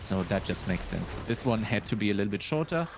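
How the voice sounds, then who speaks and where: A man with a German accent in casual live-stream chat, reasoning his way through things out loud. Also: lowish voice, expressive, brisk, vocal fry, background noise. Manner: thinks aloud, working things out step by step. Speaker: streamer and host.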